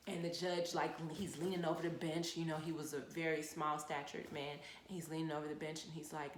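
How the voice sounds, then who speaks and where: A woman who works as a lawyer, giving frank, animated advice to the camera in a casual chat. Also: low-pitched, fast talker, few pauses, roomy sound. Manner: frank, animated storytelling with repeated phrases.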